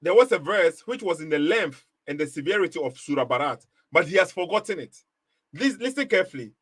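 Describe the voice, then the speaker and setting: With a fairly high, slightly bright voice that has a breathy edge, a livestream host runs his commentary a little fast and with lively intonation. He drives his point through emphatic, repetitive rhetorical questions and breaks into short laughs between points, all recorded dry and close with almost no room sound.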